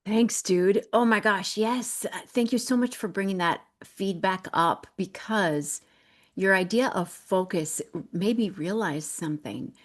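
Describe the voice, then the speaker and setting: A woman's voice: mid-range voice, unhurried. Enthusiastic woman hosting a webinar. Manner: enthusiastic, affirming. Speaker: webinar host.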